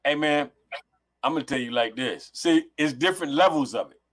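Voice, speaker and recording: Rambling man from Los Angeles, higher voice. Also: a little fast, a bit bright. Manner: rambling, with many restarts and profanity. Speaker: guest. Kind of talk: casual storytelling on a remote call. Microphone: headset.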